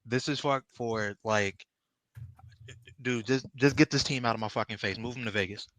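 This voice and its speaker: A man's voice: mid-range voice, moderate pace, fairly bright tone, no room sound. A man who is a guest on a casual podcast, ranting angrily and swearing a lot over a remote call. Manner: angry, profane ranting. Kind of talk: heated casual podcast chat.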